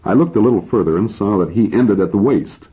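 A man reading a novel aloud in first person, in an even, measured way, on a dull lo-fi recording. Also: on the low side, slightly rough. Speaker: audiobook narrator. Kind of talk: first-person scripted narration.

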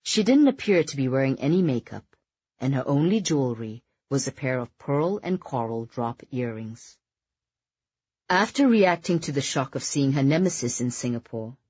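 A woman narrating an audiobook in a measured, descriptive storytelling manner, recorded close to the mic. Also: extremely low pitch, a little mellow, slightly rough, dry recording, highs cut off. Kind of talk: scripted narration.

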